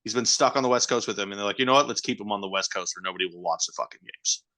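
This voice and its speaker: A man with a bright, forward voice co-hosts a podcast. He trades wry, profane jokes in relaxed chat with his friends. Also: fairly low pitch, rapid-fire. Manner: joking, wry banter with profanity. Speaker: podcast co-host. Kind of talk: casual chat.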